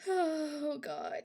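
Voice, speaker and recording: A woman streamer chatting casually with her live chat, giggling often and getting excited. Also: high voice, creaky.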